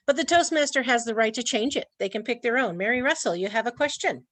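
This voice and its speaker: A woman's voice: fairly high pitch, expressive, quick pace, a bit bright, no echo. A woman presenting an online training talk in a chatty way, laughing often. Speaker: workshop presenter.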